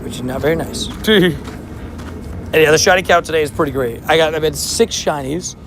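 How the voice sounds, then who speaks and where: A slightly hoarse young man with a voice sitting a bit high. He rambles cheerfully through a livestream, teasing himself as he walks. Faint street traffic hums underneath. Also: fairly quick. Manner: chatty, joking, self-mocking banter. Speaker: mobile game streamer. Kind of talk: casual livestream commentary while playing.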